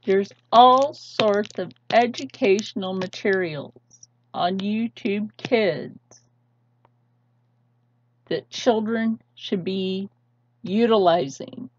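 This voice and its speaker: A woman hosting her own channel delivers an impassioned, pleading vlog rant with heavy emphasis. She speaks slowly at medium pitch, and the lo-fi recording sounds dull with a little hiss or hum.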